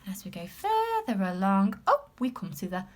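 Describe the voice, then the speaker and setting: Animated sing-song English teacher. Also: female voice, medium pitch. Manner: sing-song, sounding out letters slowly, encouraging; drops to a whisper at times. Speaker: reception class teacher. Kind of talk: recorded phonics lesson for young children.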